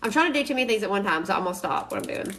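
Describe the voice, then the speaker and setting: A woman's voice: medium pitch, animated, rapid-fire, fairly bright tone, slight background noise. A woman hosting a crafting live stream, chatting in a rambling, chatty way and laughing often. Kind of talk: casual live stream chat.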